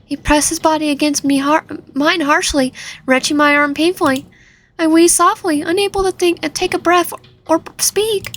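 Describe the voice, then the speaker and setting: High-voiced young woman narrating a horror game. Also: fairly bright tone, a little hiss or hum. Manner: reads game text dramatically, stumbles and restarts words. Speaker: gaming channel host. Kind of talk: reading a visual novel aloud with commentary. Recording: faint game music behind.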